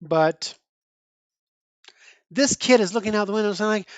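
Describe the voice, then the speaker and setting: A woman's voice: medium pitch, normal speed, dry recording. Chatty woman reviewing comic books. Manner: chatty, with repeated restarts and asides. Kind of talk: casual comic review chat.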